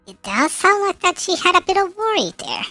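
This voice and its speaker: A woman's voice: very high voice, very animated, normal speed, pushed and bright, no echo, soft background music. A woman streamer reading game narration aloud, with occasional slips and self-corrections.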